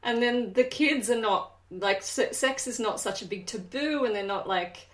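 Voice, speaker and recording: A woman's voice: on the high side, normal speed. A woman hosting an interview, speaking thoughtfully with hesitant, trailing phrases. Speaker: podcast host. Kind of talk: conversational interview. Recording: roomy echo.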